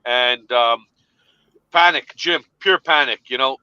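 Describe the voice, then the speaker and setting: A man telling an animated story in a casual chat, laughing along as he goes. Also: medium pitch, slow, clean tone, no echo, muffled recording.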